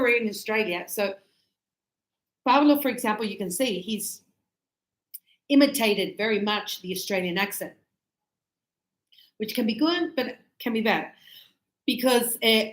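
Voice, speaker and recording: A woman teacher explaining grammar to students in a classroom, animated and emphatic, acting out little dialogues. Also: a little high. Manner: emphatic, teasing. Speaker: English teacher. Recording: echoey room.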